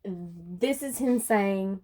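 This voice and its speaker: Slow, musing woman reading tarot cards. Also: medium pitch. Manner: unhurried and musing, with frequent soft laughs. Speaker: tarot card reader. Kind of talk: casual spoken tarot reading.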